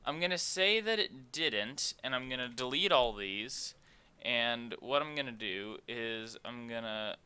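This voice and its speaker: Young male tutorial host, slow and rambling, bright crisp voice, many ums. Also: medium pitch. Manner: rambling, many fillers, thinking aloud. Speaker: game dev tutorial host. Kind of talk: unscripted screen-recorded tutorial.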